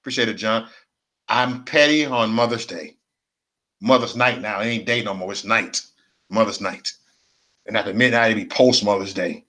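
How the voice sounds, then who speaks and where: A man's voice: fairly low pitch, normal speed, long pauses, bright, forceful tone. Rambling, slangy man on a livestream. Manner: rambling, repetitive, slangy and profane. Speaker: livestream host. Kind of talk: casual livestream rant.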